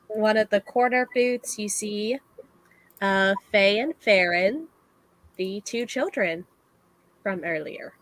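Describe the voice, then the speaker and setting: Woman game master, slow halting narration, dry close sound. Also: mid-range voice, no room sound, low-quality recording. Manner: relaxed, halting narration with fillers.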